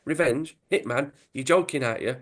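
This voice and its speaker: A man's voice: medium pitch, a little fast, lightly acted. A man putting on the voice of a nervous, pleading footballer in a comic retelling. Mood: panicky. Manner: anxious, wheedling.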